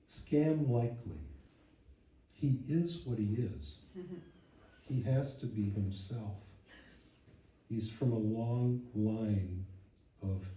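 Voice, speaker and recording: Reading his poetry in a church hall, this man in his seventies sounds wry and thoughtful, his fairly low voice carrying a warm tone. The distant mic catches the hall's echo plus slight background noise.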